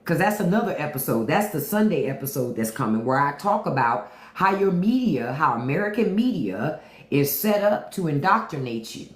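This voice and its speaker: A woman hosting a livestream, commenting in an animated, profane, rhetorical way. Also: sits low, moderate pace. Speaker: podcast host. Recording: roomy echo.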